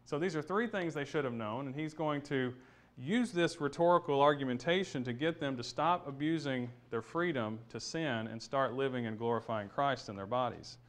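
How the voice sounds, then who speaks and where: A man's voice: mid-range voice, moderate pace. A man teaching a Bible study lesson, explaining a passage step by step in a conversational way, thinking aloud with restarts and fillers.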